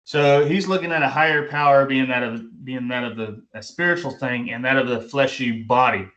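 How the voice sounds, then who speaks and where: A man's voice: medium pitch, steady tone, normal speed, fairly bright tone, muffled recording. A middle-aged man teaching a recorded online lecture, informal, repeating his points with frequent ums and restarts. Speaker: instructor.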